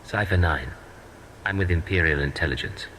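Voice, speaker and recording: A clipped, deep spy agent. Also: male voice, moderate pace, fairly bright tone, a little hiss or hum, rough recording. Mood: businesslike. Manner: clipped and businesslike. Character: terse, professional male spy agent. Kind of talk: video game dialogue.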